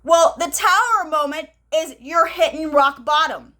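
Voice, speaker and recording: A very high-voiced woman speaks live to her online followers about faith and spiritual readings. She tells her story in an excited, tumbling way, repeating phrases and acting out the conversations she describes. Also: a little slow. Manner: excited, breathless, repeats herself, tells stories with quoted dialogue. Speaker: spiritual channel host. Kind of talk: live spiritual talk to viewers.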